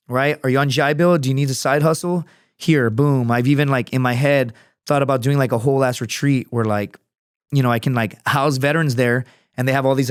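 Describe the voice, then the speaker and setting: In a dry, studio-quality recording, a mid-range American male voice rings clear and resonant. He's a guest on a podcast, chatting casually and spinning stories laced with swearing.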